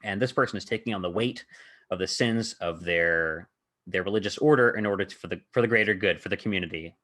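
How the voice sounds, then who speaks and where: A man voicing a formal robot museum curator who explains paintings and quizzes visitors, in a low voice close to his own. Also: fast, a bit bright. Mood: lecturing.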